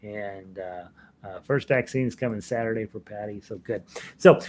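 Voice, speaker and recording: A middle-aged man runs an online ukulele class, reading viewer comments aloud in a rambling live-stream chat full of fillers and restarts. His voice is lowish and a little mellow, at a normal speed.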